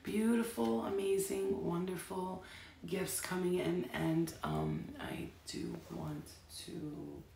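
A woman's voice: fairly low pitch, big pitch swings, slow pace, gravelly. A young woman reading tarot on a casual stream, talking in a rambling, profane, chatty way. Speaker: tarot reader. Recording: echoey room with faint noise.

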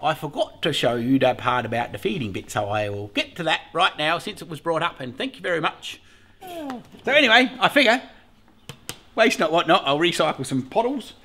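A man's voice: fairly high pitch, big pitch swings, moderate pace, sharp tone. A middle-aged Australian man hosting a casual beekeeping vlog, rambling along, swearing freely and laughing often. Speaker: beekeeper host.

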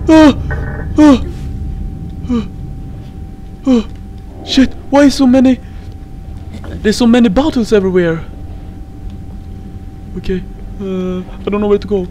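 A woman commentating a horror game playthrough, jumpy and frightened, swearing, laughing nervously and shouting in fright. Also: on the high side, steady tone, takes it slowly, pauses often, a little hiss or hum. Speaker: gaming channel host. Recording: game music behind the voice.

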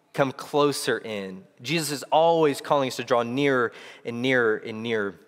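Earnest young preacher in a reverberant hall. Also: male voice, mid-range voice. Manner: earnest, reflective, with frequent restarts. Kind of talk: sermon. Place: church sanctuary. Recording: long reverb of a church hall.

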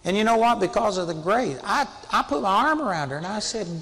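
A man's voice: sits high, expressive, a little fast, few pauses, bright, forceful tone, in a large hall. A man preaching a sermon in an earnest, conversational way that rises to sudden emphatic peaks.

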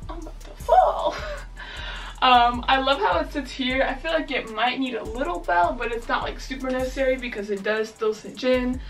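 A woman's voice: high voice, a little fast, few pauses, fairly bright tone, distant mic. Bubbly young woman gushing over clothes. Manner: bubbly, gushing, heavy "like" filler. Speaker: fashion vlogger. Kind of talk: try-on haul chat.

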